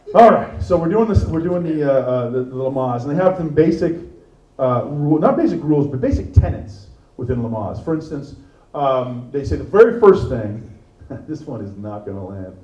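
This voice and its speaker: A middle-aged man performing a stand-up comedy set, animated and teasing the crowd, on a stage microphone. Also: medium pitch, moderate pace. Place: comedy venue with live audience. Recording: echoey room, mic far off.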